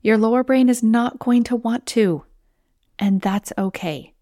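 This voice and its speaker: A woman's voice: a little high, a little slow, warm tone, dry recording, studio quality. A woman hosting a solo podcast as a weight loss coach, talking in an encouraging, conversational way and sometimes acting out inner voices.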